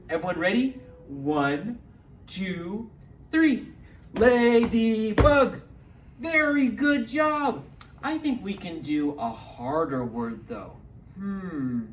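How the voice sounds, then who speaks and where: Leading a storytime for young kids, this male librarian is animated and encouraging, taking things slowly in a fairly high voice that rises and falls. The roomy space makes him sound somewhat far off, and a faint hum runs beneath him.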